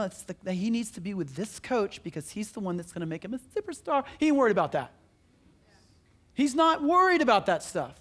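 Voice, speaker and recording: A man preaching a sermon as pastor, telling a story in an animated, emphatic, conversational way in a church. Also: sits high.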